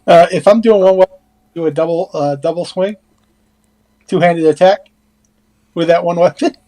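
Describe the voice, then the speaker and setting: A man's voice: sits high, moderate pace, mellow. A man playing a tabletop game, chatting casually and laughing easily. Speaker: player.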